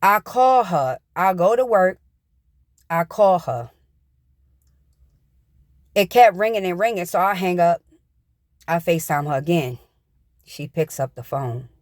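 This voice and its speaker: A woman's voice: on the low side, lively intonation, a little slow, pauses often, dry recording, studio quality. A middle-aged woman vlogger telling her viewers a personal story in plain, repetitive, casual everyday speech.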